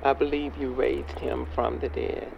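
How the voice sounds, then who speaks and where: A gravelly, slow-talking street preacher. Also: male voice, medium pitch, little pitch movement, a loud crowd. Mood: solemn. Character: stern elderly churchgoer preaching to young men. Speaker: elder leading a prayer. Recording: dull lo-fi with street noise.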